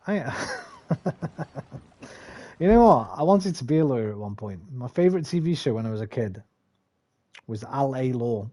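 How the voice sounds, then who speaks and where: A man's voice: mid-range voice, expressive, normal speed, pauses often, mellow. A man in his forties from England, rambling and swearing while chatting over a game. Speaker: gaming streamer. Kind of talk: casual gameplay commentary.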